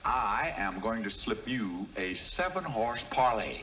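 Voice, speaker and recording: Brief: a sardonic talking mule, slow and bright-toned, on a faintly hissy old film track. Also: male voice, fairly low pitch, animated. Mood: wry. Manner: dry, sardonic, slow drawl. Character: wisecracking talking male mule. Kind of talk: 1950s film comedy acting. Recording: old film soundtrack with noise.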